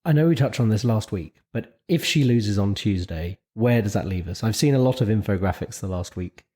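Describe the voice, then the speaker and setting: Low, mellow-voiced man. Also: expressive, fairly quick. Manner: thoughtful, hesitant, musing aloud. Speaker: podcast co-host. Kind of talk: casual political discussion.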